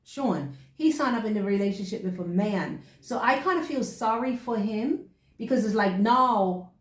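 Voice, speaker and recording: A woman from Bermuda co-hosting a casual chat, talking in a chatty, animated way and acting out quotes. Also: medium pitch, moderate pace. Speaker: co-host reviewing a reality show. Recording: echoey room.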